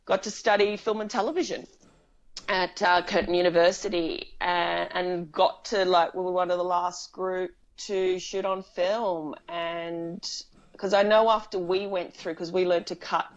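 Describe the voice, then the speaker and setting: A woman's voice: fairly low pitch, steady tone, unhurried, lo-fi sound. A woman, a film writer and director, talking casually as an interview guest, chatty and laughing often with frequent restarts.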